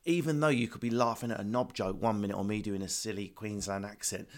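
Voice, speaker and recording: A stand-up comedian with an Essex accent, talking fast and animated in a casual interview over a video call, swearing freely. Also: male voice, lowish voice. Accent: Essex English. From England. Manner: fast, energetic, swearing, acts out voices. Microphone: remote video call.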